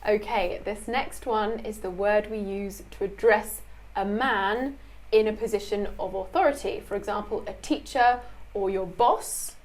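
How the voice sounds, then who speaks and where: A British woman with a British accent, chatting thoughtfully and warmly about word usage. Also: mid-range voice, unhurried, poor audio. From Britain. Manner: friendly, thoughtful, giggly. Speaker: co-presenter. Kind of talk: explanatory chat.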